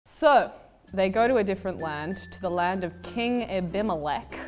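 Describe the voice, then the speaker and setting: An irreverent woman rattles through a story with plenty of swearing and wisecracks. Her voice sits at an average pitch for a woman and keeps an animated rhythm. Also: moderate pace, faint music behind. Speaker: podcast host. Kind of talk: comic retelling of stories.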